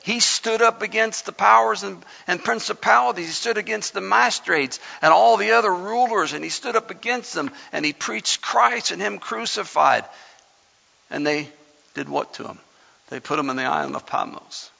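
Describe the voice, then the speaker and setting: A man's voice: high-pitched, moderate pace, gravelly, bright, forceful tone. A man preaching a sermon conversationally, reading scripture with dramatic emphasis. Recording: lo-fi sound in a reverberant hall.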